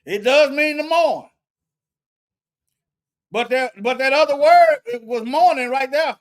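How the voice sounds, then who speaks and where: In an unhurried, very high-pitched voice, a man holds an informal Bible study, reading from a lexicon as he goes. His talk is colloquial and thought out loud, full of repeats and restarted phrases.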